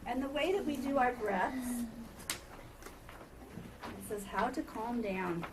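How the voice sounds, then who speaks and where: A woman with a somewhat high voice takes her time as she teaches a first grade class. She asks questions patiently and repeats the kids' answers, with the audio coming from a distant mic in a noisy elementary classroom.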